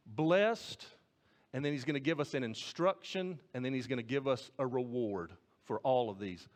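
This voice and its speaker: A man's voice: mid-range voice, moderate pace. A man preaching a sermon as pastor, earnest, often repeating and restarting words and putting questions to the congregation.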